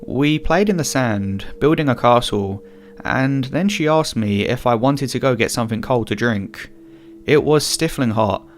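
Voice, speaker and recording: A man's voice: mid-range voice, expressive, unhurried, a little hiss or hum. A man reading a first-person scary story in a conversational, scripted way. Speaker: guest narrator. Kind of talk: scripted horror story narration.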